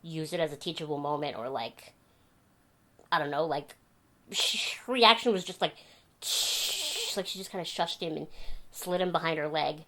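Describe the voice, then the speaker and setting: A young woman vlogging at home, chatting to the camera and telling animated stories with laughs. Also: sits low, moderate pace. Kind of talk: casual chat to camera. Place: home bedroom.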